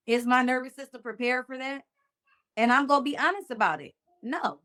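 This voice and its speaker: A woman's voice: fairly high pitch, normal speed, fairly bright tone. Sassy, blunt young woman. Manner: blunt, sassy storyteller, swears, quotes others. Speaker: podcast co-host. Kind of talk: casual conversation.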